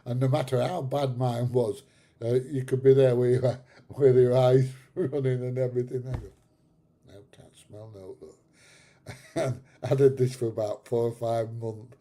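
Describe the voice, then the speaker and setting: A middle-aged man with a gravelly, dark voice chats to his livestream viewers. He rambles through stories and laughs at his own jokes. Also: medium pitch, flat delivery, normal speed. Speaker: livestream host. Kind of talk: casual chat with live viewers.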